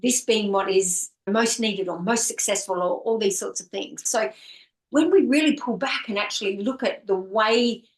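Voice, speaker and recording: A woman's voice: medium pitch, moderate pace, echoey room, low-quality recording. A woman author speaking as an interview guest, earnest and flowing, often stringing words into lists. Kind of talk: reflective conversational interview.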